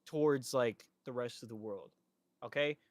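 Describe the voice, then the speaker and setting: A man co-hosting a casual podcast chat, talking in a laid-back, teasing way that often trails off softly. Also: medium pitch, moderate pace, no room sound. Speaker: podcast co-host.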